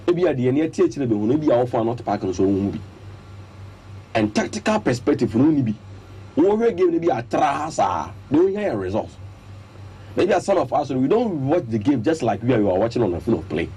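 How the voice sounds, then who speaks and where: A man's voice: mid-range voice, quick pace, slightly rough. Emphatic Ghanaian man on sports radio. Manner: animated, emphatic, lists points. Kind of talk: radio sports talk, Twi-English mix. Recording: radio studio broadcast.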